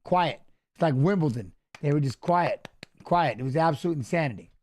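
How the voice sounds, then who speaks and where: A man talks loosely through a fight watch-along on a live stream. His voice sits fairly high, and he rambles from story to story with bursts of excitement. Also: normal speed, noisy background. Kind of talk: casual live-stream commentary.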